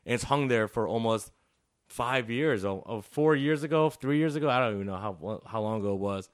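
A man's voice: medium pitch, fairly quick. A middle-aged man, a visual artist, telling a story in a casual interview, swearing often and laughing through his sentences. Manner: profane, laughing, animated storytelling.

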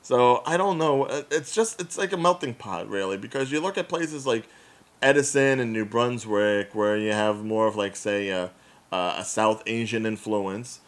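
A young man with a New Jersey accent, chatting casually as a podcast co-host, opinionated and quick to laugh. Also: fairly low pitch. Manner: animated, opinionated, laughs often. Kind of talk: casual chat.

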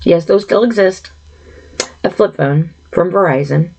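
A woman's voice: fairly low pitch, measured pace, creaky, darkish tone, slightly rough. A woman telling a personal story in a casual, rambling monologue, indignant and full of fillers and asides. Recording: slightly dull lo-fi sound.

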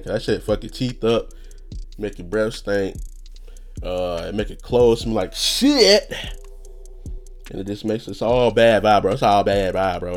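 A young man hosting a casual solo podcast rant, rambling and profane, with sudden high-pitched outbursts. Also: darkish tone. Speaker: podcast host.

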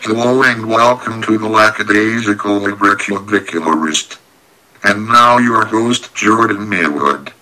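A deep, formal announcer, put on by a man, opens the show in slow, stately tones. The voice sits low and sounds bright and forceful. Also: low-quality recording.

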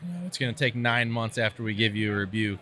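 A man's voice: on the low side, lively intonation, fast, bright, forceful tone, faint music behind. A man, a tree-care pro, chatting bluntly and animatedly about gear on a podcast. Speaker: arborist guest. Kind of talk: casual podcast chat.

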